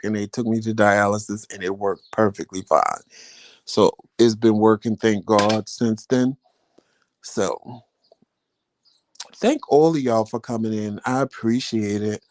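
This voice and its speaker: A man's voice: on the low side, fairly even intonation, measured pace, no echo. A man chatting casually to his viewers, telling a story and acting out the voices of the people he quotes. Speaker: vlogger.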